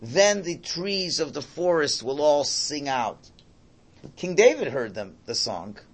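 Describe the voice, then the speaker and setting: Animated man teaching a Torah class. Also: fairly high pitch, slow, slight background noise. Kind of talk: religious class lecture.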